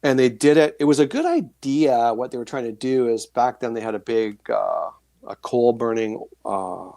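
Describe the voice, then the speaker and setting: A male interview guest telling stories in a relaxed, rambling way, full of fillers and self-corrections. His voice has a gravelly creak to it, and the recording is close and dry, with no room sound. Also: mid-range voice, normal speed, dry recording. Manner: rambling, animated anecdotes with many fillers and restarts. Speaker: guest author sharing paranormal experiences. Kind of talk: casual storytelling interview.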